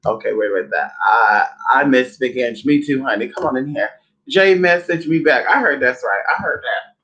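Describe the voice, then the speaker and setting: A woman hosts a loose, casual chat and keeps the tone sassy and blunt. Her pitch leaps up and down as she talks. She slips into other people's voices whenever she quotes them. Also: animated, normal speed, a bit bright, rough recording. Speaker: host.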